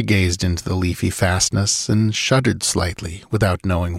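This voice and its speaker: A man narrates a pulp adventure story in a measured storytelling voice. His voice sits low. The recording is close and dry, with no room sound. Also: fairly even intonation, creaky, dry recording. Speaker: audiobook narrator. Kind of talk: scripted narration.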